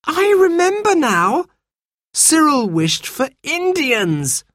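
A man's voice: extremely high pitch, very animated, takes it slowly, fairly bright tone, dry recording, studio quality, pitched above the performer's own voice, exaggerated voice. A man voicing a small, frightened girl who wails and gasps in a storybook reading. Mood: alarmed.

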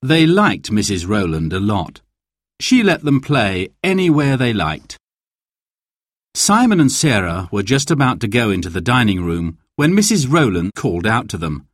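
A man narrating a children's storybook in a clear, expressive, deliberate way. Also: on the low side, no echo, clean studio sound.

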